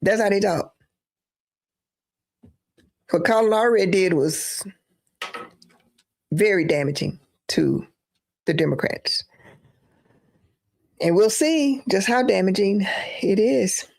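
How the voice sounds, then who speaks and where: A woman's voice: mid-range voice, expressive, slow pace, gravelly, long pauses, darkish tone. A woman giving emphatic live-stream political commentary, repeating phrases for emphasis.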